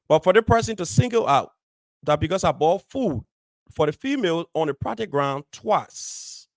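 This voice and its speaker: This is a radio host, an adult married man, addressing his community show's audience directly with firm emphasis and repeated key phrases. His voice sits on the high side, and the recording has no reverb.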